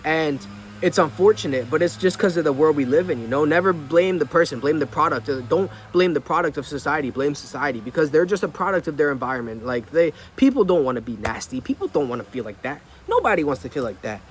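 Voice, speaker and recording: Animated high-voiced young man storytelling. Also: fast, slight background noise. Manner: animated, acts out dialogue in different tones, slangy with many fillers. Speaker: vlogger. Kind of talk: casual storytelling monologue. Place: outdoors, rain and a passing vehicle.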